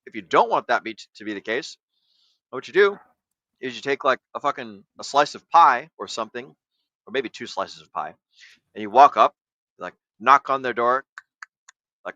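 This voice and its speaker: Male host, coaching lecture style, bright voice, dry recording. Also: medium pitch, expressive, normal speed, pauses often, dry recording, lo-fi sound. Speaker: podcast host. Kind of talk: casual livestream chat.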